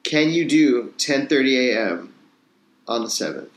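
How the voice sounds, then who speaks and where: A man's voice: mid-range voice, lively intonation, reverberant. A man hosting a casual movie-review chat, wry and playful, heard through a tinny video-call microphone. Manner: wry, playful, quick to laugh. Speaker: podcast host. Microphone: laptop video-call microphone.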